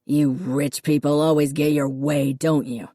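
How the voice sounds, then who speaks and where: A resentful working-class father who spits bitter words, as a woman narrator puts him on. His voice is low and dark, read dry and close to the mic like a storybook. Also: flat delivery, unhurried, dry recording. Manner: resentful and spiteful.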